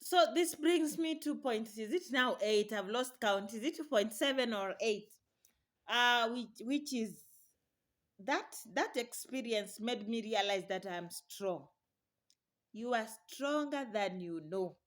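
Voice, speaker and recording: Young woman, fairly high voice, chatty encouraging vlog talk to camera. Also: animated, unhurried. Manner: chatty and encouraging, laughs often. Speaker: vlogger.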